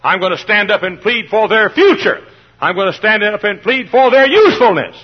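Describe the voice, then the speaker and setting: Male pastor, fiery sermon, husky, slightly high voice, dull old recording. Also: expressive, normal speed. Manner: impassioned, swings from hushed to shouting. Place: church.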